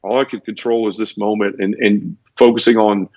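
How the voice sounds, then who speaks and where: A man's voice: fairly low pitch, little pitch movement, a little fast, darkish tone, dry recording. A man, a podcast guest, telling his personal testimony in an emotional, repetitive way and acting out sound effects. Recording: dull, lo-fi podcast audio.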